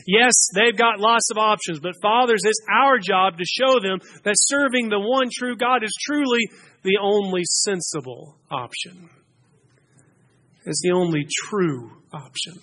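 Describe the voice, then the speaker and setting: A man's voice: high voice, unhurried, sharp tone. A man preaching a sermon to his congregation, emphatic, pushing key phrases upward as he builds his points.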